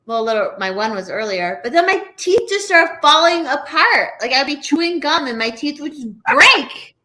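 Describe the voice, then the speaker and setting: Bright-voiced, profane ranting woman. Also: sits high, big pitch swings, normal speed. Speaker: podcast co-host. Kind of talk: casual chat.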